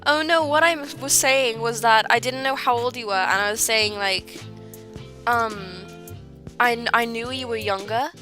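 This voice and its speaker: A woman's voice: fairly high pitch, fairly even intonation, measured pace, sharp tone. Giggly woman streamer reading fan fiction. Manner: giggly, breaks off to comment and apologize. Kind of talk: reading friends' fan fiction aloud with casual asides. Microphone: streaming mic. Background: music playing.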